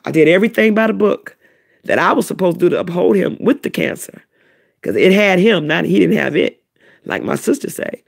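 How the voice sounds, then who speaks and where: A middle-aged woman tells a personal story with deep feeling, her voice gravelly and a little husky. Her pitch swings up and down a great deal as she repeats herself for emphasis. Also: fairly quick. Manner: animated, repetitive storytelling. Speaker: vlogger, self-described prophetess. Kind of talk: emotional personal testimony.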